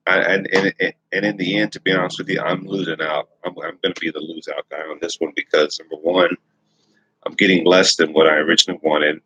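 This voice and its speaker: Low husky man chatting on a stream. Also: fairly quick, fairly bright tone, low-quality recording. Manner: rambling, repeats himself, reads viewer comments aloud. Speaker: livestream host. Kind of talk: casual livestream chat.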